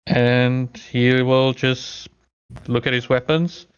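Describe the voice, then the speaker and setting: A man playing a tabletop role-playing game, describing his character's actions and speaking his lines in an even, unhurried way. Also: medium pitch, clean tone, muffled recording. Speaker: player.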